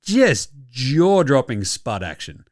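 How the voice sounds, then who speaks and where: A young Australian man with a medium-pitched, slightly mellow voice hosts a casual basketball podcast, speaking slowly with big pitch swings while he mocks, swears freely, and chuckles often. The recording is dry and studio quality.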